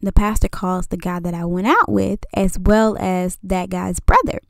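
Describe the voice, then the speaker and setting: A woman's voice: medium pitch, normal speed, gravelly, no room sound. Twenties woman spinning a story, acts out all the voices, super dry close sound. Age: 20s. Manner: lively and animated, acts out dialogue. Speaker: vlogger. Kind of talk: casual storytelling.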